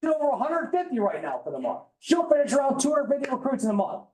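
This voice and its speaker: A man giving an emphatic, preachy, high-energy motivational talk to a live audience, at times yelling. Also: big pitch swings, fast. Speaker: motivational speaker at a business training. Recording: roomy echo in a hall.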